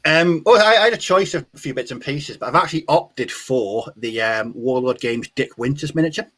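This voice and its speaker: A man chatting on a podcast, unhurried and trailing off at the ends of sentences. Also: medium pitch, a bit bright. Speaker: podcast co-host. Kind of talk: casual chat.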